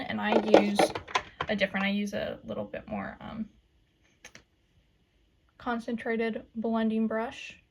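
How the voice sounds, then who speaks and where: Husky, chatty young woman doing makeup. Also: on the high side. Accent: Southern US. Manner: chatty, valley-girl fillers, frequent "like" and "um". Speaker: makeup vlogger. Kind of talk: casual makeup tutorial chat.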